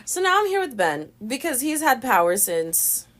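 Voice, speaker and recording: A young woman hosting a podcast, telling stories in a lively, casual way, laughing and swearing as she goes. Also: high-pitched, moderate pace. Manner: animated storytelling, swearing, laughing often. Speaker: podcast host.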